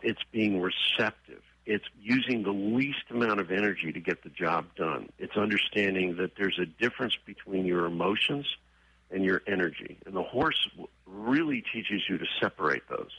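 A man being interviewed, telling stories and acting out quoted voices with husky tone. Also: low-pitched, moderate pace, sharp tone, dry recording, highs cut off. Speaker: guest, horse trainer and author. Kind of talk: conversational interview storytelling.

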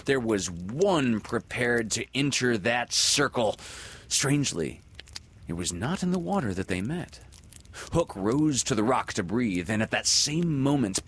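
A man reading a children's story aloud in an expressive, lilting storyteller manner. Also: medium pitch, breathy edge. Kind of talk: storybook read-aloud narration.

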